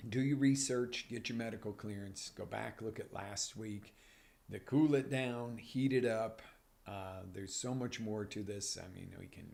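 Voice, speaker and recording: A man hosting a live motivational coaching show, talking with energy and swinging from near-whispers to loud bursts. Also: mid-range voice, gravelly. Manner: energetic, animated, drops to whispers then surges loud. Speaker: life coach and show host. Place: broadcast live on social media.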